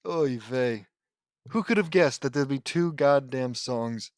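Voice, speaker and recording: A man's voice: mid-range voice, takes it slowly, dry recording, clean studio sound. A man reading fan fiction aloud, breaking off for sarcastic, complaining asides. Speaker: audiobook reader.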